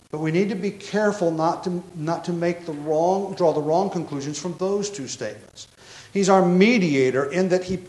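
A man's voice: fairly high pitch, a little mellow. A man pastor preaching an expository sermon, emphatic and explanatory, with frequent self-corrections. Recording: echoey room.

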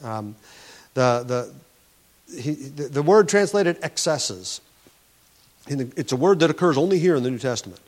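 A man's voice: medium pitch, animated, normal speed, long pauses, darkish tone. A man preaching a sermon, explaining scripture in an earnest teaching tone, with frequent restarts and words stressed for emphasis. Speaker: pastor.

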